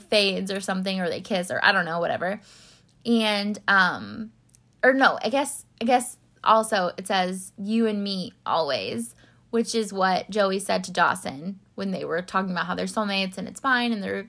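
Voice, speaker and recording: A woman's voice: medium pitch, normal speed, a bit bright. A young woman chatting casually through a TV recap, rambling with lots of fillers and getting teary. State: tearful. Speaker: podcast host recapping a TV series. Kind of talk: casual chat.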